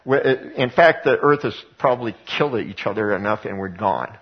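A man's voice: on the low side, expressive, moderate pace, husky, lo-fi sound. A male pastor preaching a conversational sermon to his congregation, full of rhetorical questions. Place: church sanctuary before a congregation.

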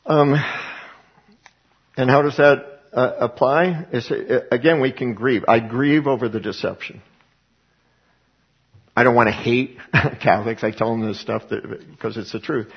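Man, husky voice, emphatic sermon, Bible teaching, questions and answers, muffled lo-fi sound. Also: mid-range voice, a little slow, pauses often. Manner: emphatic, asks and answers his own questions. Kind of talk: preaching Bible study.

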